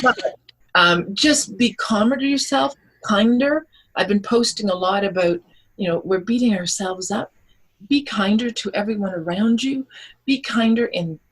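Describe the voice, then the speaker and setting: A woman, a holistic nutritionist, explaining things in an animated way on a radio interview. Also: mid-range voice, breathy edge, low-quality recording. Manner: animated, explanatory, acts out quotes.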